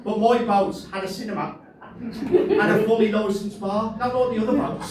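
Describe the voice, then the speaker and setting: A loud, rowdy man with a Birmingham accent, doing a guest stand-up set. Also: high-pitched, normal speed, a loud crowd. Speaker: guest comedian. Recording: echoey room from far off.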